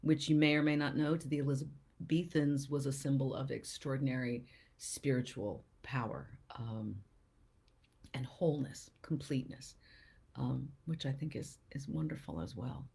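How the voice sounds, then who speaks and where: A woman with a low, husky voice hosts a live poetry show, talking and reading verse aloud. She lets phrases sink into soft, breathy near-whispers, then lifts brightly. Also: fairly even intonation, normal speed. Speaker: poet and show host.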